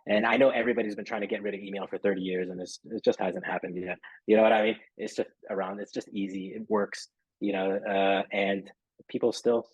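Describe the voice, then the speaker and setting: A man's voice: fairly low pitch, level tone, brisk, slightly rough, dry recording, poor audio. A man talking casually as a guest in an interview, rambling and filling his talk with "you know" and "right?". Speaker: podcast guest, SEO marketer.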